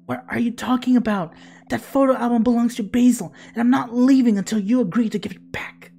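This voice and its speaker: A woman's voice: on the high side, fairly even intonation, a little fast, gravelly, warm tone, husky, voice pushed up. A woman reading game dialogue aloud, voicing an earnest, outspoken teenage boy in an indignant, pleading way.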